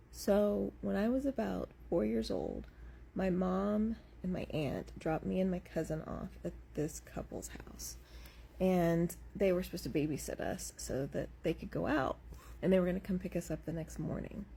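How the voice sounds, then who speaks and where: A woman casually telling a personal scary story just before bed, in a relaxed, conversational way. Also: lowish voice, moderate pace, vocal fry, a little hiss or hum.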